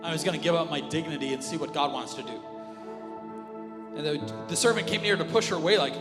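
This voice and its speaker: A male pastor preaching an animated sermon, dropping to a hush and then rising loud again. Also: on the high side, fast. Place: church auditorium with reverb. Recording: live church audio with long reverb and music underneath. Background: worship music.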